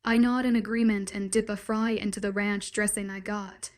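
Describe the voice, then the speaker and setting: A woman narrating a first-person story in a steady, even reading voice. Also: mid-range voice, normal speed, few pauses.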